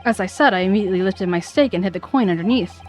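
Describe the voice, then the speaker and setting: A woman's voice: medium pitch, fast talker, darkish tone, faint music behind, close to an everyday voice. A woman putting on a pompous blustering army sergeant.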